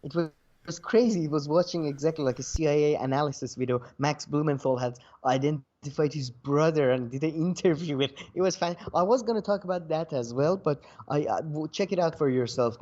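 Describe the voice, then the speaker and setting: A man co-hosting a casual news discussion, talking in halting bursts with many restarts and fillers. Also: mid-range voice, a little mellow, dull audio. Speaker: co-host of a news discussion show. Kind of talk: casual political chat.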